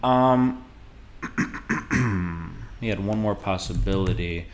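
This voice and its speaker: A man teaching Spanish in a relaxed, conversational video lesson, modeling phrases slowly for beginners. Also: sits low, slight background noise.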